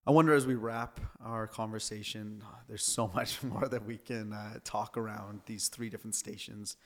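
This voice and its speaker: Earnest low-voiced pastor. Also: male voice, steady tone, normal speed, fairly bright tone. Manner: earnest, preacherly phrasing. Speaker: pastor and podcast host. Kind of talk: reflective podcast conversation.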